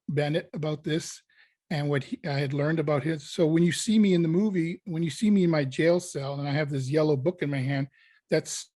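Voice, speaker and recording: A male actor in an interview, telling a lively anecdote and acting out his own panic. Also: on the high side, no room sound. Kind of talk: casual storytelling interview.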